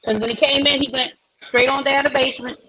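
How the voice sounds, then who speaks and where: A woman hosting a live chat, telling an animated story and acting out the dialogue. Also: sits high, fast talker, low-quality recording. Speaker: host.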